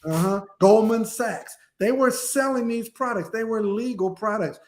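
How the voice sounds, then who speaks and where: Man, middle-aged, high-pitched, animated storyteller, interview guest. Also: moderate pace, slight background noise. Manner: animated storyteller acting out quoted dialogue. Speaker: guest speaker.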